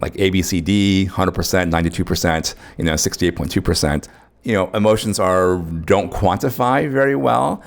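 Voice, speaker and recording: A man's voice: low voice, moderate pace, creaky. A man teaching an online course in a conversational way, often checking in with his listeners. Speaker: course instructor.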